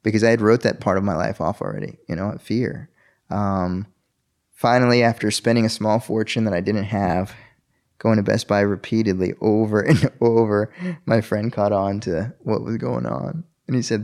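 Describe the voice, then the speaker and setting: A man casually telling a personal story and acting out the dialogue with big jumps in his voice. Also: moderate pace. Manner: animated, acts out quoted dialogue with sharp pitch jumps.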